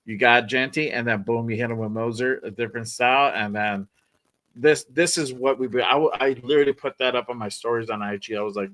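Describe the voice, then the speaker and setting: A man hosting a sports podcast with a middle-pitched voice, rambling and loose in casual chat. He swears freely and circles back over his points. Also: brisk, fairly bright tone, slight background noise. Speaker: podcast host.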